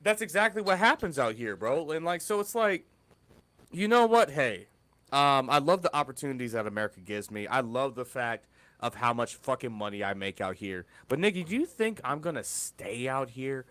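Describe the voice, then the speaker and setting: A man's voice: mid-range voice, moderate pace, dry recording. A man co-hosting a podcast, telling stories animatedly in casual, profane banter. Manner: animated storyteller, profane, mimics people. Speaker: podcast co-host.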